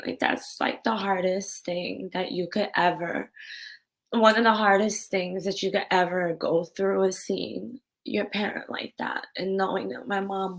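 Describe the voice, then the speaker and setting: Casting: young adult woman, lowish voice, raw and candid, on the verge of tears, personal vlog. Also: creaky, fairly bright tone. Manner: raw, tearful and candid, swears. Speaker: vlogger.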